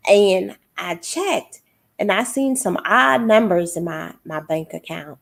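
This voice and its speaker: A woman's voice: mid-range voice, expressive, slow pace, creaky. A middle-aged woman, a guest author, telling a personal story in casual podcast talk, acting out the voices of the people in it. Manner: emotional, testimonial storytelling with quoted voices.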